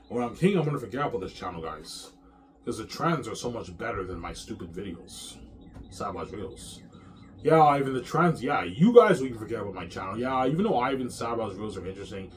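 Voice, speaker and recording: A man's voice: lowish voice, background noise. A man in his thirties in a rambling personal vlog rant, angry and profane, repeating himself and restarting sentences. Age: 30s. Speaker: vlogger.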